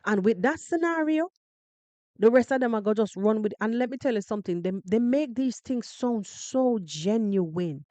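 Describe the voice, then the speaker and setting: Animated Jamaican woman, lively talk. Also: on the high side, moderate pace, dry recording. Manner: animated, emphatic, repeats phrases for effect. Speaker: podcast host. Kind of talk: casual live commentary.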